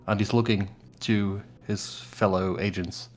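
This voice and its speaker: Slow-talking male player. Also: lowish voice, fairly even intonation, soft background music. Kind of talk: tabletop game play.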